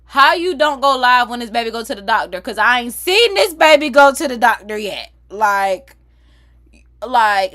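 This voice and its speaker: Animated gossiping woman in her thirties. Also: mid-range voice, poor audio. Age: 30s. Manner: animated, swearing, laughing between stories. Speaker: livestream host. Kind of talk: casual gossip chat.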